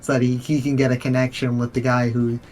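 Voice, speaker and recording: A man co-hosting a podcast, talking casually and haltingly with many restarts. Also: mid-range voice, level tone, a little mellow. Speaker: podcast co-host. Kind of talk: casual chat.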